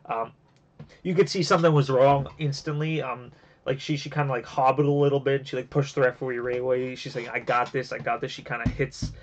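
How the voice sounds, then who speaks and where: A man at a middling pitch talks through wrestling matches in a loose, rambling way, full of fillers and restarts. He sounds emotionally invested in the matches. The recording is muffled and lo-fi. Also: steady tone, brisk. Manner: gets emotional and teary. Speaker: wrestling reviewer. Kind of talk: casual review podcast. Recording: dull lo-fi home recording.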